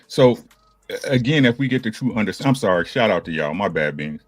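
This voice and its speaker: A man's voice: lowish voice, expressive, brisk, dry recording. A man on a podcast panel, explaining a point in a casual debate and checking in with "right?" again and again. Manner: explanatory, keeps asking "right?".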